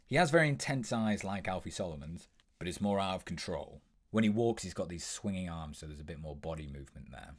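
A young man hosting a tutorial, explaining voice impressions in a brisk, instructive way with the odd um. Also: low-pitched, animated. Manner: brisk, instructive, with frequent ums.

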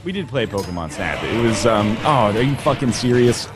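A co-host of a let's play offers casual commentary while gaming with a friend, rambling, joking, and leaning heavily on "like" as filler. His voice is fairly low, with lively intonation and a normal pace. Game music plays in the background.

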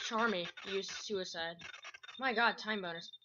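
A woman's voice: fairly high pitch, moderate pace, sharp tone, rough recording. A woman giving let's-play commentary, rambling through asides and breaking into yelps and squeals. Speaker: gameplay commentator. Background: faint game music.

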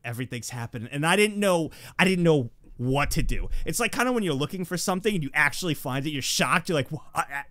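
Casting: bright-voiced man, animated storyteller in a dry close-mic chat. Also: fairly high pitch, fast, hardly any pauses, no room sound. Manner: animated storyteller, shouts when acting out scenes.

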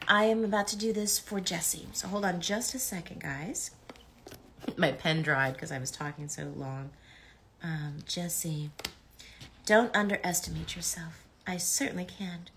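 A woman's voice: on the low side, unhurried, fairly bright tone. A middle-aged woman chatting casually on a live stream while she signs autographs, bubbly, reading comments aloud with lots of ums.

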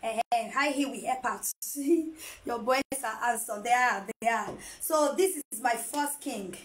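A woman's voice: a little high, unhurried, rough recording. A woman chatting casually to camera as a vlogger, playful and teasing, laughing often. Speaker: vlogger and mother.

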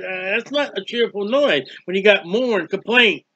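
High, bright-voiced man teaching scripture. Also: normal speed, dull audio. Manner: emphatic, acts out quoted prayers. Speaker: Bible teacher. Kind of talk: conversational Bible teaching.

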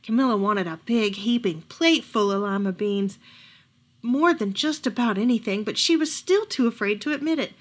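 A woman reading a picture book aloud at a library storytime, expressive and lively. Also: a little high, moderate pace.

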